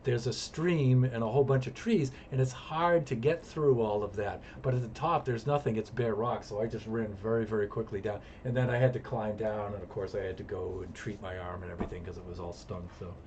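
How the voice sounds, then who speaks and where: A man's voice: on the low side, fairly even intonation, brisk, few pauses, darkish tone, lo-fi sound, a little hiss or hum. A man streaming a game, telling a long personal story in a rambling, repetitive way with chuckles. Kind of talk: casual storytelling while gaming.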